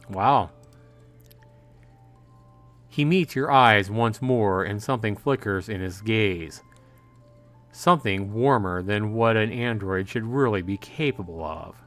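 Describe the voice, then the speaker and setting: A man's voice: lowish voice, a little slow, fairly bright tone, faint music behind. A man streaming a visual novel, reading the narration aloud with frequent fillers and self-corrections. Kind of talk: let's-play narration.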